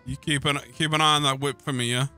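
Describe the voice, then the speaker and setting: Cocky young man gaming, bright voice. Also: medium pitch, flat delivery, fast, clean tone, faint music behind. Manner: cocky, joking. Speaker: gamer. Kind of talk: casual gaming banter.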